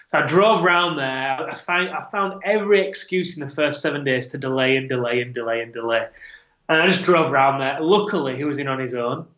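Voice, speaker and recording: A man in his thirties speaks in a fairly high voice, telling his story earnestly and thoughtfully. His voice echoes in a room, and the audio sounds a little dull. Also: a bit bright. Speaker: podcast guest, men's coach. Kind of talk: personal story told in an interview. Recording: roomy, slightly dull podcast audio.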